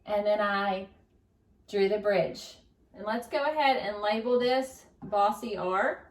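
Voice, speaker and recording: A woman's voice: mid-range voice, takes it slowly. A woman teaching a recorded phonics lesson to young children, upbeat and encouraging, stretching out syllables. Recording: echoey room, distant mic.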